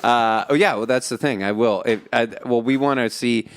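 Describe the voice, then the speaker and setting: A man's voice: medium pitch, moderate pace. A man co-hosting a podcast in casual chat, rambling and laughing, often slipping into movie lines. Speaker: podcast co-host. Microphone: remote call.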